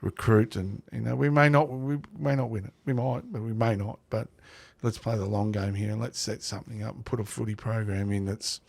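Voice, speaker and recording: Gravelly Australian man telling yarns. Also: lowish voice, steady tone, brisk, hardly any pauses, a little mellow, no echo. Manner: blokey storytelling, laughs often. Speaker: country football coach, podcast guest. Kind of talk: casual chat.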